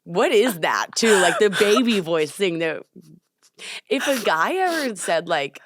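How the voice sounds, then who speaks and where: A woman's voice: mid-range voice, unhurried, no echo, clean studio sound. A young woman co-hosting a podcast, telling stories in casual chat and laughing often. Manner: animated storyteller, laughs often. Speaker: podcast co-host. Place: studio.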